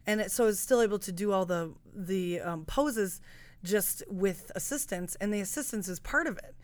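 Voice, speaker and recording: A woman's voice: medium pitch, normal speed, no room sound. A young woman on a podcast, telling a story in a rambling, self-interrupting way. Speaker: podcast guest. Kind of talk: casual chat.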